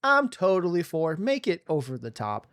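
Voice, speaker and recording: A man co-hosting a casual podcast, reviewing a movie in an excited, rambling way with lots of restarts. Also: a little high, normal speed. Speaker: podcast co-host.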